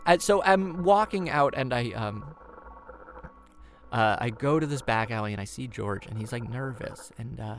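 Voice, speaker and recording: A man in his twenties telling a comic personal story, rambling and self-deprecating, with many restarts, his voice jumping high when he acts out his own panic. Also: lively intonation, normal speed, slight background noise. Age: 20s.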